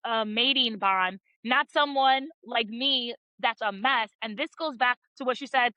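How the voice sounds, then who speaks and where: A woman's voice: a little high, unhurried, clear, resonant tone, dry recording, muffled recording. A woman co-hosting a book podcast, recapping chapters in a casual, sassy way and acting out the characters' lines. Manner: animated, sassy retelling with acted quotes and swearing. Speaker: podcast co-host.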